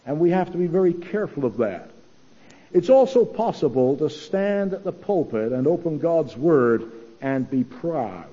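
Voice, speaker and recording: A man's voice: a little high, very animated, normal speed, mellow, breathy edge. A man from England preaching an earnest sermon, repeating key phrases for weight. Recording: echoey hall, dull lo-fi sound.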